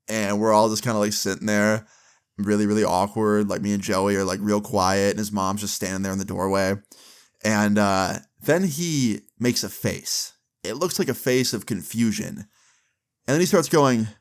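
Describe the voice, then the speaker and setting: A man's voice: lowish voice, normal speed, clean tone. A young man telling a long story casually, rambling with lots of fillers. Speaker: vlogger.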